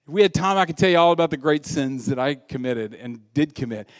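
Speaking fast in a slightly high voice, a male pastor preaches, bringing humorous stories to life by acting out quoted voices and adding self-deprecating asides. It's studio quality with no room sound, yet it sounds like a large hall.

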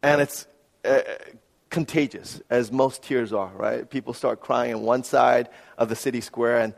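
A man preaching a sermon, telling a personal story in an earnest, animated way and often checking in with "right?". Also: medium pitch, unhurried, vocal fry. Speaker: pastor. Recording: reverberant hall.

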